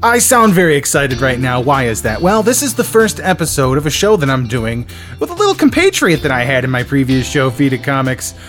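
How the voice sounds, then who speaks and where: A man hosting a casual podcast, excitable and rambling, with many fillers. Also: mid-range voice, brisk, soft background music. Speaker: podcast host.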